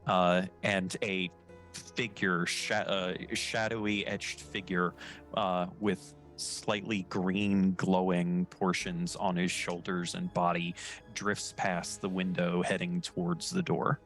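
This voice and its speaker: A man's voice: sits low, level tone, slow pace, a bit bright, faint music behind. A man narrating as game master, casual and hesitant with many fillers.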